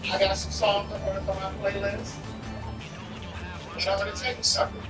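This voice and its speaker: A co-host on a gaming stream, bantering casually in a sassy, blunt, animated way. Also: mid-range voice, normal speed. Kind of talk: casual chat while gaming. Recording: roomy, distant mic, loud music behind.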